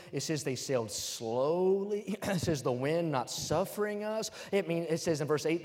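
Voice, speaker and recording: A man preaching in a hall with a long, lingering echo, his voice pitched a little high. He jokes with the congregation and asks for amens, then pushes his points harder and louder. He grew up in West Virginia. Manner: joking, calls for amens, grows loud and emphatic. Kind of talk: humorous sermon. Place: church hall. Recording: reverberant hall.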